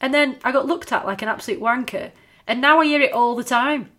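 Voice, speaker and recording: A woman with a northern English accent co-hosting a podcast, chatting casually, blunt, sweary and quick to laugh. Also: sits high, bright, forceful tone. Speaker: podcast co-host. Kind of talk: casual chat.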